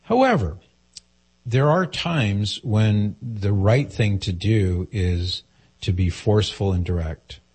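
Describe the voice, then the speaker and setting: A man's voice: fairly low pitch, expressive, takes it slowly, a little mellow, husky. A man hosting a call-in advice show, speaking directly and earnestly and posing questions to the caller. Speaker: radio advice host.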